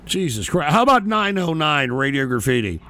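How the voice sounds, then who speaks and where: A man hosting a live call-in show, profane and irritable, often breaking into shouted rants. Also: a little high, very animated, normal speed.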